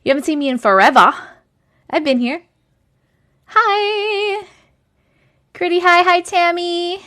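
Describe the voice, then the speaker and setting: A woman's voice: very high-pitched, expressive, slow pace, a bit bright. A woman from Long Island hosting a casual TikTok live chat, greeting viewers by name and catching up with them. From Long Island, New York. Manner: chatty, greets viewers by name with rising lilt.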